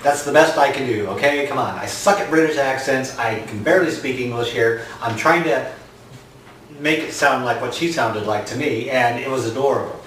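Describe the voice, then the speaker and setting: A man's voice: mid-range voice, normal speed, fairly bright tone, slight background noise. A man chatting and joking straight to his viewers as a gardening vlogger, at home. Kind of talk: casual chat to camera. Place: indoors at home. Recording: echoey room, mic far off.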